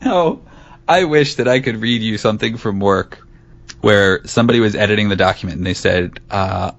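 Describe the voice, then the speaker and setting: A man's voice: lowish voice, normal speed, gravelly. A man co-hosting a casual chat in a wry manner, laughing often and mimicking people. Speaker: podcast co-host. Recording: dull lo-fi sound.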